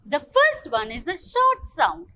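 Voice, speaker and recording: A woman with an Indian English accent teaches the alphabet to small children. Her voice sits very high and swings widely, and she takes it slow, coaxing them along in a sing-song way. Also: wildly swooping pitch, bright, forceful tone. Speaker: kindergarten teacher.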